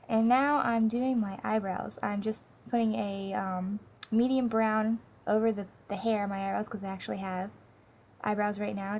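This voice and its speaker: A woman's voice: medium pitch, slight background noise. A young woman casually narrating a makeup tutorial, rambling a bit with ums and self-corrections. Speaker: makeup vlogger. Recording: music playing underneath.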